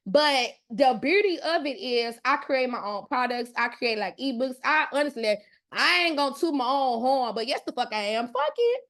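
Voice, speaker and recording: A woman in her thirties with a Mississippi accent, hosting a live online class in a loud, profane, playful way and talking straight to her viewers. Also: high voice, normal speed. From Mississippi, USA. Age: 30s. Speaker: host, online class teacher.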